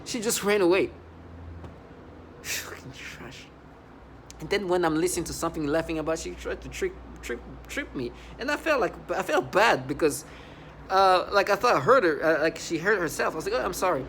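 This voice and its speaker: A man's voice: high voice, lively intonation, moderate pace, fairly bright tone, a little hiss or hum. A man ranting in a heated, rambling monologue, full of restarts and broken-off phrases. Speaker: vlogger. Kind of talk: agitated monologue to camera.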